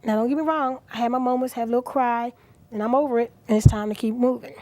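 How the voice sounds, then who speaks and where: Middle-aged woman, talk show guest, fairly high voice, earnest and animated, dry close sound. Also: fast, dry recording. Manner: earnest, animated, drops to soft near-whispers at emotional moments. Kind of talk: inspirational talk show interview.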